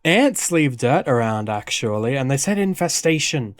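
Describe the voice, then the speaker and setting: A man's voice: mid-range voice, very animated, normal speed, dry recording, studio quality. A man playing a video game and thinking aloud in casual, self-deprecating commentary.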